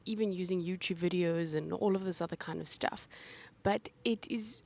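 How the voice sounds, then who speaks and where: A woman's voice: on the low side, unhurried, a little mellow. Chatty young woman vlogging. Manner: chatty, thinking aloud with fillers and asides. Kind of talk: casual vlog chat.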